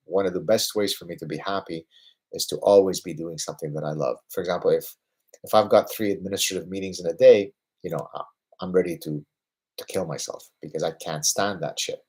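A man's voice: deep voice, brisk. A man in his fifties hosting a livestream Q&A, answering viewers emphatically and often tagging points with a rhetorical "right?". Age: 50s. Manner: lively, getting excited about his passions. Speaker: host answering viewer questions.

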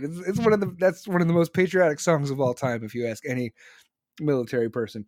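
A man's voice: medium pitch, animated, quick pace, a little mellow, no room sound, studio quality. A man in his forties in casual, profane, rambling chat, reading and answering comments from his audience.

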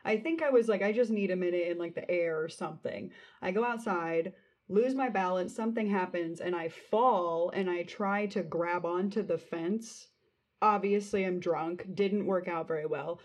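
A woman's voice: on the low side, normal speed. A young woman in casual chat, recounting a drunken night in a laid-back, self-mocking way.

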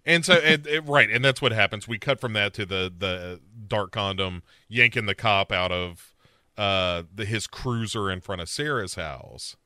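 A man's voice: lowish voice, normal speed, sharp tone, no echo, clean studio sound. A man co-hosting a podcast, casually recapping a show and acting out quotes in a rambling, playful way. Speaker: podcast co-host.

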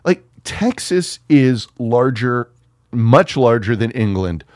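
A man from the United States co-hosting a casual film podcast, talking in a profane, animated way. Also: mid-range voice, slow pace, no room sound, studio quality. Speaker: podcast co-host.

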